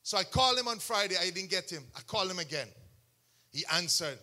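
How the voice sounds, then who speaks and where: A man preaching a sermon testimony, telling the story with animation, bursting into shouts and acting out what others said. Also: high-pitched, animated, brisk. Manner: acts out other people's words in quotes.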